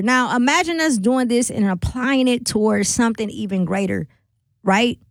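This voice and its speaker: A woman's voice: on the high side, animated, normal speed, no room sound. A woman hosting a radio talk show, chatting casually with laughing asides and rallying calls to her listeners. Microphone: studio microphone.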